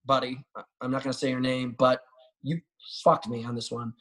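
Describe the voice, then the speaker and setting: A man and professional athlete talking as a guest on a casual podcast, telling animated, swearing, boastful stories. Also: mid-range voice, brisk, poor audio. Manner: animated, profane, boastful storytelling.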